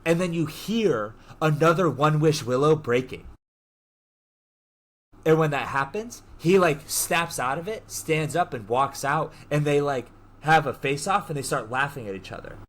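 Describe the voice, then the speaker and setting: A man hosting a podcast, casually retelling a movie plot, acting out the characters' lines in quick bursts and swearing freely. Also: a little high, lively intonation. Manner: swears casually, heavy use of "like". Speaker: podcast host.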